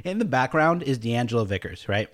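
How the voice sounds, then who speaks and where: A man co-hosting a podcast in casual chat, retelling scenes with animated quotes and frequent laughter. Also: medium pitch, fairly quick. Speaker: podcast co-host.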